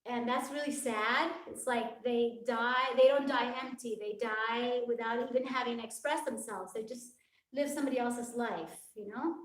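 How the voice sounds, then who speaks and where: A woman's voice: a little high, moderate pace. A woman fitness coach talking casually on a live stream, earnest and rambling with lots of "it's like", from her home workout space. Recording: roomy echo from a distant mic.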